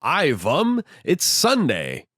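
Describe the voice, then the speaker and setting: A man's voice: mid-range voice, big pitch swings, moderate pace, no echo, clean studio sound, lightly acted. A man voicing a laid-back male innkeeper who drawls in a quirky, old-fashioned way.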